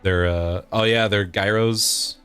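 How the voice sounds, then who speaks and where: A man in his thirties with a fairly low voice chats loosely with his viewers during a game stream. He laughs easily and restarts his sentences as he thinks aloud. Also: fairly even intonation, slow, fairly bright tone, clear, resonant tone, faint music behind. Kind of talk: casual gameplay chat with viewers.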